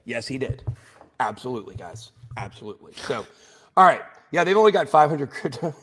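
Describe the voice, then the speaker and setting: A man's voice: medium pitch, big pitch swings, fairly quick, a bit bright, husky. A man on a livestream talking to his viewers, emotional and insistent, repeating his points again and again. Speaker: streamer.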